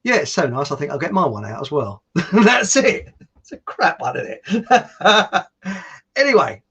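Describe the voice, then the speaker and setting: A man's voice: fairly high pitch, fairly bright tone, breathy edge. A middle-aged man hosting a livestream. He chats casually and rambles in a self-mocking way. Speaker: livestream host. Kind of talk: casual chat and joke telling. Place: warm indoor room.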